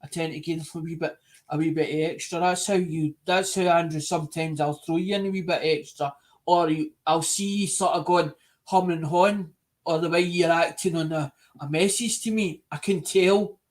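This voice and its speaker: A man's voice: fairly high pitch, fairly even intonation, normal speed. A Scottish man hosting a live stream, chatting casually in an earnest, rambling way and often repeating himself.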